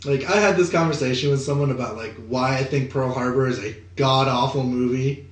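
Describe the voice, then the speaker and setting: A man co-hosting a podcast, chatting casually about movie news, animated and profane, with lots of filler words. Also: mid-range voice, fairly quick. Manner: swearing, animated, many "like" fillers. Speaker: podcast co-host. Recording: echoey room.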